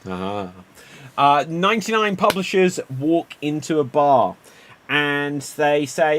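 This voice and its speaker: A man hosting an improv show, telling quick pun jokes and calling on players by name. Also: on the high side, animated. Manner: quick punny joke-telling, calls on players. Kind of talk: improv joke game.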